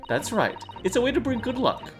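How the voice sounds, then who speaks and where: Man voicing a bright, sweet young girl from a game, in a high falsetto, with light music behind. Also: sing-song, fairly quick. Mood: cheerful. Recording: game music playing under voice.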